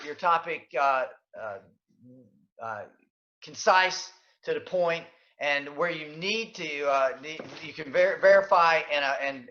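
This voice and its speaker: A man leading a workshop over a video call, with a bright, high-pitched voice that lands hard on his key points. He leans on fillers and restarts and often repeats a line for emphasis. The audio is dull and lo-fi, like a typical webinar feed. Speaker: leadership coach and webinar presenter. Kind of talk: webinar presentation.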